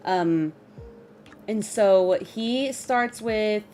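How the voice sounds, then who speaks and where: A woman's voice: mid-range voice, a little slow, faint music behind. Chatty woman streamer. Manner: chatty, reads lyrics aloud, greets chat. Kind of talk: casual livestream commentary.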